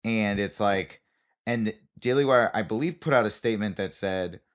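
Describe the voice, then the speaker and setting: A man co-hosting a comedy podcast in casual chat, an animated storyteller who repeats phrases for emphasis. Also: on the low side, moderate pace. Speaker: podcast co-host, comedian and actor.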